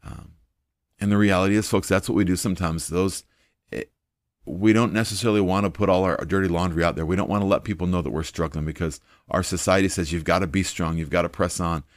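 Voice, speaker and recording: A man's voice: low voice, fairly even intonation, fast talker, dry recording, studio quality. A man preaching an informal sermon in an earnest, conversational way, with frequent fillers.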